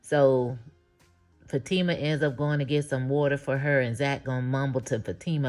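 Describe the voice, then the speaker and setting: A woman with a notably low voice talks through a TV episode in a loose, casual recap. She is animated and slangy and laughs easily as she reacts. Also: normal speed, faint music behind. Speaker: TV show recap host.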